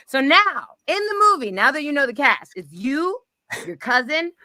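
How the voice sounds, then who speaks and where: A woman hosting a casual chat, excitable and rambling, with lots of "like" as she talks. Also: sits high, unhurried. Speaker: host.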